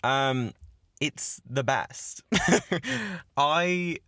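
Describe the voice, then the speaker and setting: A man hosting his own podcast in casual chat, gushing and swearing a lot as he gets excited. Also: a little high, extremely slow, gravelly, dry recording, clean studio sound. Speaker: podcast host. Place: cabin in the woods.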